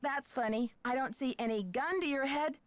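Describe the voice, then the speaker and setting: A woman's voice: high-pitched, no room sound, close to an everyday voice. Nancy Drew, a woman voicing a plucky girl sleuth. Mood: confident. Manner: brisk, confident, wry. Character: plucky young woman detective, sharp-tongued. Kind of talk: video game voice acting.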